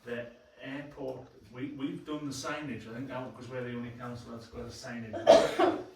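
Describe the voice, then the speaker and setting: A plainspoken man delivers a colloquial councillor's report at a council meeting. His voice sits at an ordinary pitch. It rings through a very echoey room from a distant mic, with faint background noise. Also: steady tone, normal speed, darkish tone.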